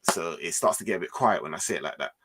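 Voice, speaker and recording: A man's voice: low voice, quick pace, noisy background. A man hosting a football fan stream, talking animatedly and trailing off mid-thought. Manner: animated, swears, slangy, trails off. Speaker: host of fan show. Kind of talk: casual chat.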